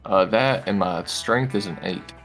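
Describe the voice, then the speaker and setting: A man's voice: fairly low pitch, a little slow, a bit bright, faint music behind. A man playing in a tabletop game, chatting casually and joking as he acts.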